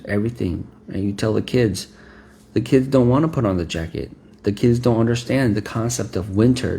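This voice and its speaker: A man with a fairly low, gravelly voice preaches a sermon. He is emphatic and conversational, repeats himself for effect and keeps asking "right?". Faint ambient noise sits behind him. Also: mellow.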